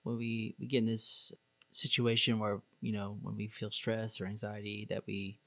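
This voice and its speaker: Gravelly man telling his story. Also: lowish voice, level tone, normal speed, a bit bright, no room sound. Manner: sarcastic, candid, rambling with fillers. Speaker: podcast guest. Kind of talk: casual storytelling.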